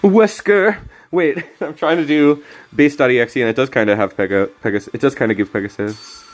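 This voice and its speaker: Here a young man with a medium-pitched voice talks at a quick pace while streaming a card game. The commentary is casual and jokey, with mumbled asides, set against faint background music.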